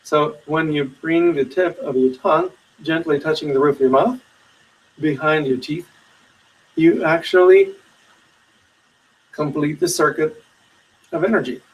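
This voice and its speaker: A man teaching meditation in a webinar, giving slow, soothing guided instructions with long pauses. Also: a little high, far from the mic, lo-fi sound.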